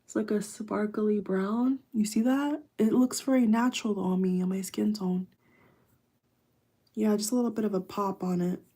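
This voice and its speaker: A woman's voice: mid-range voice, fairly even intonation, normal speed, dark tone. Chatty woman live-streaming a casual reaction. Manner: chatty and effusive, many fillers, addresses viewers as guys. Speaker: YouTuber doing a live reaction. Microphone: wireless earbuds.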